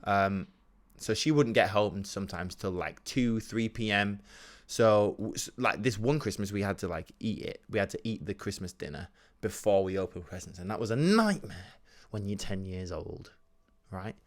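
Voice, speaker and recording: A man, telling a rambling, jokey personal story on his solo podcast, swinging from loud outbursts to mumbles. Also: fairly low pitch, animated, moderate pace. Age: 20s. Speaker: podcast host.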